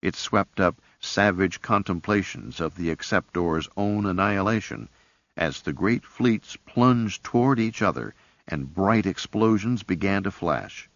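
Deep gravelly male audiobook narrator. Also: no room sound. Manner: measured, expressive reading. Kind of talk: scripted narration. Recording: dull lo-fi cassette audiobook.

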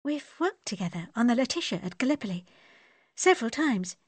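A woman voicing a young, reserved English army nurse with a polite, crisp manner. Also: fairly high pitch, big pitch swings, brisk, dry recording, pitched above the performer's own voice.

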